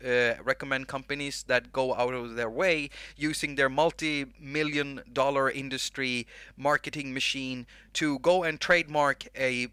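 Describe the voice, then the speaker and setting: Rambling Swedish man, bright voice. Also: medium pitch, dry recording. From Sweden. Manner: rambling, rapid-fire, jumps between thoughts. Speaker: livestream host. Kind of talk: casual livestream chat. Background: faint music track.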